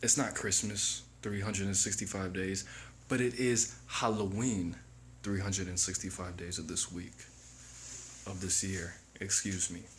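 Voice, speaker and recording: A man's voice: deep voice, flat delivery, a bit bright, slight background noise. A man hosting his own channel, giving a reflective, preachy motivational monologue to camera. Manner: slow, reflective, preachy self-help delivery. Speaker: channel host.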